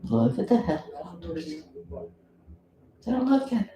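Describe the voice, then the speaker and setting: A woman's voice: fairly low pitch, sing-song, slow, warm tone, roomy sound, slight background noise. A woman from South Florida giving blunt, indignant live commentary as a vlogger, swearing freely.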